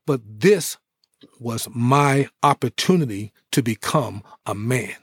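A middle-aged man, a former pro athlete, telling his life story in a podcast interview with animated, preacher-like energy. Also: mid-range voice, takes it slowly, slightly rough, no room sound. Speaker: guest, former pro football player.

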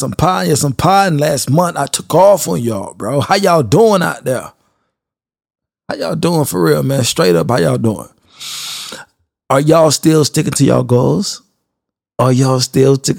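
A man's voice: a little high, gravelly, a little mellow, no echo, clean studio sound. A man hosting his own podcast, talking straight to his listeners in a slangy, conversational, motivational monologue. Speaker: podcast host.

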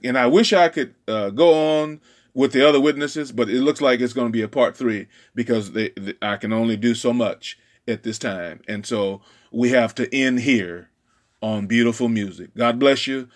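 A man's voice: medium pitch, normal speed. A man preaching, retelling a story and acting out the dialogue in character voices. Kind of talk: sermon storytelling.

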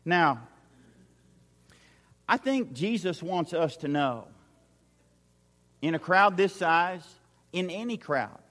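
A man's voice: on the high side, expressive, slow pace, pauses often, a bit bright, long reverb tail. A man preaching a sermon as pastor, building his points through repeated phrases and acting out the lines he quotes. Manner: repetitive preaching cadence, acts out quoted lines. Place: large church hall with a crowd.

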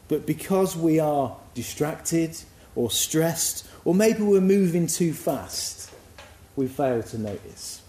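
A man's voice: fairly high pitch, warm tone, reverberant. A man giving a sermon in a reflective, musing, conversational way. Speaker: preacher.

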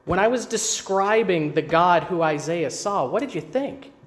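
A man's voice: high voice, lively intonation, moderate pace. A man preaching a sermon, teaching emphatically and asking his listeners rhetorical questions. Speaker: pastor.

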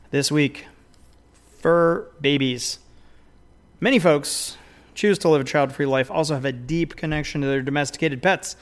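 A man co-hosting a podcast in casual, rambling talk, theatrical and self-mocking, with plenty of fillers and mild swearing. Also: fairly high pitch. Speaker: podcast co-host.

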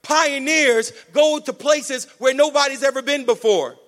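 A man preaching a sermon with energetic call-and-response, urging the congregation to answer back. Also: very high-pitched, a little slow. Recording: long hall reverb.

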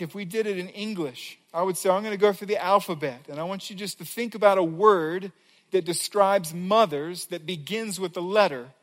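A man's voice: sits high, a bit bright. A man preaching a sermon as a pastor, earnest, reading scripture aloud with building emphasis.

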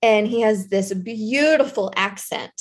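A woman with a Southern US accent telling a school story in a casual chat, animated and chatty with plenty of fillers. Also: mid-range voice, measured pace. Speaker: guest storyteller, former intervention specialist.

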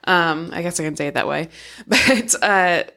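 Woman reading scripture aloud, lowish voice. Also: moderate pace. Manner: reads scripture aloud in a steady, even voice. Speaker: podcast host. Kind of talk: casual chat, then Bible reading.

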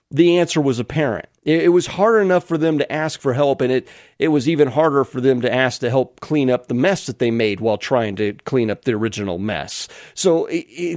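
A man's voice: mid-range voice, a little mellow, no echo, studio quality. A male pastor delivering a sermon, telling stories earnestly and often restarting his words. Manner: earnest storytelling with frequent restarts.

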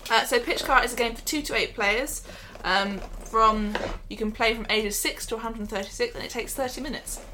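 A woman's voice: on the high side, moderate pace, hardly any pauses, noisy background. A woman co-hosting a casual board game chat, giving friendly recommendations with a light teasing edge. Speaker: board game podcast co-host.

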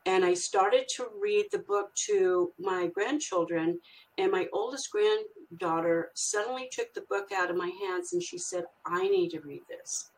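A woman's voice: mid-range voice, a little slow, rough recording. An older woman, a grandmother and children's author, telling a story in a rambling way with many fillers and restarts. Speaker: guest author. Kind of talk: casual storytelling interview.

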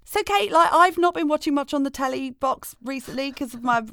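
A woman's voice: high voice, expressive, a little fast, creaky, pushed and bright, dry recording, clean studio sound. A woman, co-hosting a podcast in casual chat, playful and teasing, with the odd swear word. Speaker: podcast co-host.

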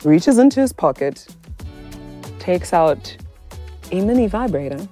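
A woman's voice: on the low side, a little slow, faint music behind. A woman hosting a casual chat, telling a dating story with lots of laughter and acted-out voices. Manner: animated, laughing, acts out voices in her story. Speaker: podcast host.

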